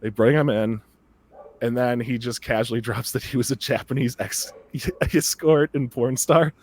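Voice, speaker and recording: Rambling excited man, podcast host. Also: mid-range voice, normal speed, slight background noise. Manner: rambling, excited, laughing often. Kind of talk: casual chat.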